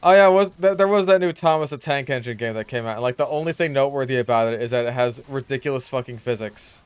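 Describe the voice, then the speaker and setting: Young man, casual game commentary, loud bursts of reaction, smooth clear voice, dry close sound. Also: mid-range voice, fast, no room sound. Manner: loose, chatty, reacts loudly in bursts. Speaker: gaming YouTuber.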